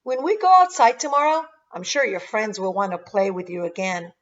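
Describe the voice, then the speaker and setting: A woman voicing a kind, patient preschool teacher who asks gentle, coaxing questions, on a dull lo-fi recording. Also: medium pitch, fairly quick, close to an everyday voice. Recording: dull lo-fi sound.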